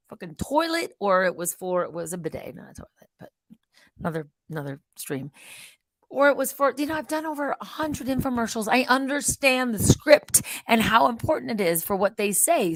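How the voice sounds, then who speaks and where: A middle-aged woman hosting her own vlog, talking in a mocking, sarcastic, animated way. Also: fairly high pitch, dry recording, rough recording. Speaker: channel host.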